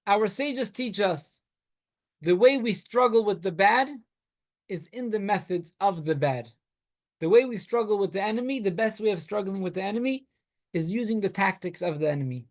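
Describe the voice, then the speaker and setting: Give us a rabbi with a fairly high voice, lecturing a room of students in a weekly Torah class. He tells his stories with life and momentum, and he answers his listeners' quick remarks as he goes. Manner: animated storytelling, talks with students.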